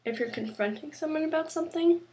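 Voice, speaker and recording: A teenage girl vlogging casually to camera, rambling and halting with many fillers and restarts. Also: high voice, darkish tone.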